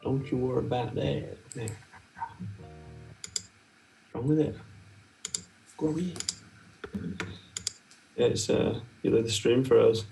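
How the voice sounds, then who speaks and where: A man's voice: medium pitch, slow pace, creaky, long pauses, distant mic, low-quality recording. A man co-hosting a live trading stream, joking around in a casual chat. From England. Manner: jokey, sings snatches of songs. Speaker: forex live stream co-host. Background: soft music and keyboard typing.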